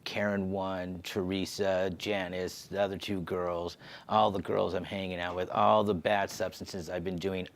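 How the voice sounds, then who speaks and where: A man sharing an emotional personal testimony, halting and restarting as he talks. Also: on the low side. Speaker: podcast host sharing his story. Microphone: on camera.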